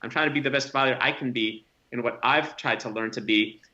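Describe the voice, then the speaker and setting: A man's voice: medium pitch, fairly quick, pushed and bright, muffled recording. A man talking as a podcast guest, thinking aloud in a reflective, rambling way with frequent restarts. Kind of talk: casual podcast conversation.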